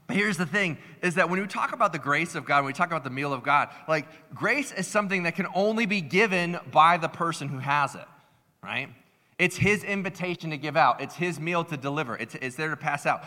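This pastor's sermon carries through the long reverb of a big hall in a bright, forceful voice that sits on the high side and moves fairly quickly. Lively and conversational, he slips into other people's voices as he tells stories, animating each one.

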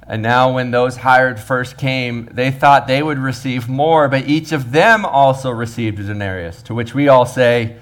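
Pastor preaching with lively humor. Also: male voice, mid-range voice, unhurried, few pauses. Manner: animated, acts out the workers' voices with humor. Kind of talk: sermon.

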